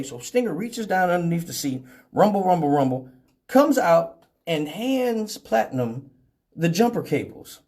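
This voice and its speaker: A man hosting a live show, from Detroit, telling profane stories with animated voices for each person in them. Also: a little high, moderate pace. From Detroit, Michigan. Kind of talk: casual storytelling.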